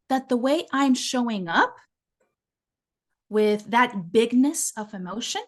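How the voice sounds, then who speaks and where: Slow-talking Mexican-accented woman. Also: a little high, fairly bright tone. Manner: earnest, reflective, often adds "right?". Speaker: relationship coach. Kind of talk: explanatory interview talk.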